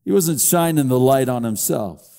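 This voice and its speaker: A man's voice: mid-range voice, animated, normal speed, vocal fry, dark tone, clean tone, long reverb tail. An older man preaching a sermon, with emphatic rises, sing-song stresses and repeated words. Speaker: pastor.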